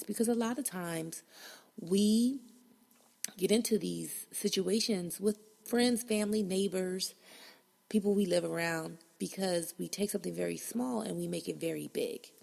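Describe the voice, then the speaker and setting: A woman's voice: medium pitch, moderate pace, creaky, mellow. A woman hosting a podcast, telling a personal story in a casual, blunt and profane way and acting out her own reactions. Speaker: podcast host.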